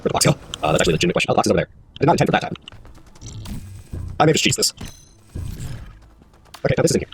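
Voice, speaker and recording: Rapid-fire man playing a puzzle game. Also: on the low side, sing-song, faint music behind. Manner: rambling, self-talking, swears casually. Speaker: gaming video host. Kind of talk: casual let's-play commentary.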